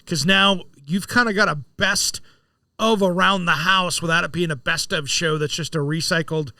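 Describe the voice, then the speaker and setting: A man's voice: a little high, fairly even intonation, bright, forceful tone, no echo, far from the mic. A man hosting a home improvement radio show from the studio, chatting in an upbeat, casual way. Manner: upbeat, chatty, quick to laugh.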